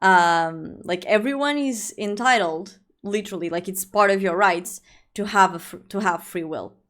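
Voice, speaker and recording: A woman's voice: mid-range voice, moderate pace, fairly bright tone. A young woman livestreaming and chatting with her audience, rambling with lots of fillers and calling viewers "my love". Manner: rambling, filler-heavy, affectionate with chat. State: allergies. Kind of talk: casual livestream chat.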